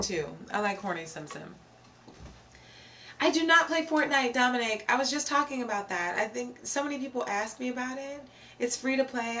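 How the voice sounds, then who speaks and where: A woman's voice: mid-range voice, a bit bright, recorded from a distance, slight background noise. Giggly woman chatting on a live stream. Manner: playful, giggly, reads chat aloud; repeats phrases for emphasis. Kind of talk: casual live-stream chat with viewers.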